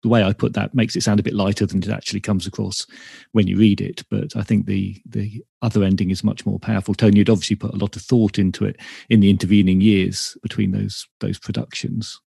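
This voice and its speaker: A male podcast host with a low, gravelly voice and a husky, slightly rough edge. He speaks in a measured, reflective way. The sound is dry and close, with a mellow tone. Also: flat delivery, no echo. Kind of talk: conversational interview.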